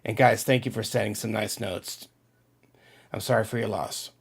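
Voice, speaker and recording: A man's voice: fairly low pitch, fairly even intonation, moderate pace, gravelly, husky. A middle-aged man hosting a casual livestream, reading out viewer chat and rambling emotionally to his audience. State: on the verge of tears.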